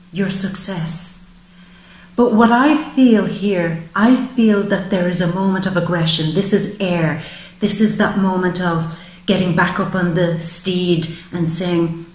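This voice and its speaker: A woman's voice: mid-range voice, a little mellow, roomy sound, rough recording. A woman giving a psychic tarot reading, speaking with emotion and voicing the feelings she senses in the listener. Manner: emotive, voices the querent's feelings. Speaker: tarot reader.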